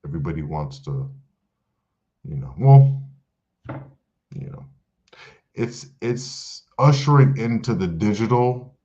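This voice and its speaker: On a dull-sounding live stream, a man with a deep voice teaches a religious class at a slow pace. He preaches animatedly, repeating phrases and slipping in casual asides.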